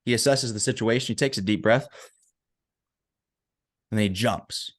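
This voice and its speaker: A motivational speaker tells a story as a podcast guest with a low male voice. He is emphatic and keeps checking in with the listener, which keeps the storytelling conversational. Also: normal speed. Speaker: motivational speaker and performance coach.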